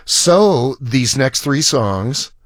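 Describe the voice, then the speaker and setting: A middle-aged man tells a long story at a studio mic, circling back and restarting his sentences as he goes. His voice sits mid-range for a man, recorded dry and close with no room around it. He sounds relaxed and conversational. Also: mid-range voice, extremely slow, dry recording. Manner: rambling anecdotes with restarts and acted quotes. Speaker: musician guest. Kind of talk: casual storytelling interview.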